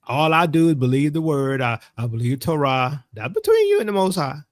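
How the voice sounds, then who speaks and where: A man's voice: fairly high pitch, very animated, fairly quick, no echo, clean studio sound. A man speaking as a religious teacher, delivering a casual commentary monologue to his followers in a colloquial, storytelling way.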